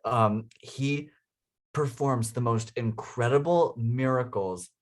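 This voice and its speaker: A man's voice: mid-range voice, takes it slowly. A man being interviewed about his inventions, telling stories enthusiastically, laughing often, with many ums and uhs. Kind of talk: casual storytelling.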